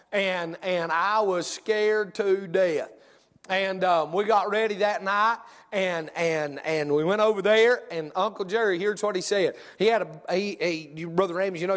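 High-voiced preacher in a hall. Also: male voice. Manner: folksy storytelling, stammering restarts, rising to fervent preaching. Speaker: pastor. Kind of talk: sermon.

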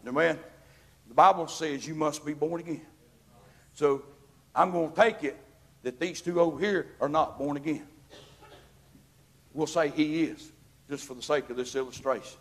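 A man preaching an evangelical sermon, folksy and calling out to the congregation. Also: fairly high pitch. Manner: folksy, calls out to the congregation, builds to shouting.

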